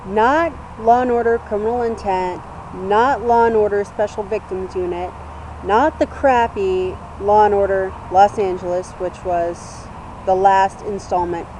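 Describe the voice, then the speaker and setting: A young woman in her twenties talks slowly and loosely to her camera, her voice soft and mellow. She wanders through a story with plenty of fillers, earnest and unpolished, over a faint hum of background noise. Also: medium pitch, steady tone, poor audio. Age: 20s. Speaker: vlogger. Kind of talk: casual tribute vlog.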